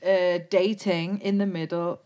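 A woman's voice: fairly low pitch, level tone, a little slow, dark tone, dull audio. Give me a woman podcast co-host, chatty and giggly, reading a listener letter. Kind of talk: casual chat.

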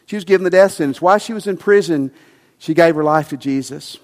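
A male pastor preaching a sermon, emphatic and passionate at times, then quiet and soft. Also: on the high side, fast, big-room sound. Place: church sanctuary.

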